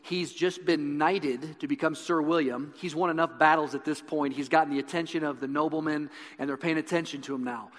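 A man preaches a sermon, telling a story with earnest conviction. His voice sits a bit higher than most men's. The talk rings with a long reverb from a large hall. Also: fairly even intonation, a little fast, few pauses. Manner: earnest storytelling, building intensity.

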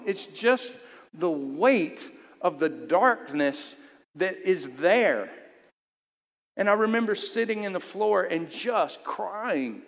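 A man's voice: on the high side, vocal fry. A man giving a sermon, telling a personal story in a candid, earnest way. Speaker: youth leader preaching. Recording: long hall reverb.

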